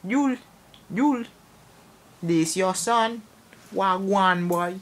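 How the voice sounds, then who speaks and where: A man putting on a protective foreign father, gruff and accusing. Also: high-pitched, drawn-out words, fairly bright tone, voice pushed up, exaggerated voice. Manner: gruff, accusing, mock accent.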